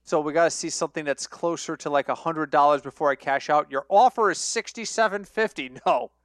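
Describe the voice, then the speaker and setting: A young man with a fairly high voice tells betting stories on a podcast, jumping into little acted-out quotes and laughing along the way. The sound is close and dry, with no room around it. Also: brisk, dry recording. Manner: animated storyteller, acts out quoted voices, laughs often. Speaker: podcast co-host. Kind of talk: casual sports betting chat.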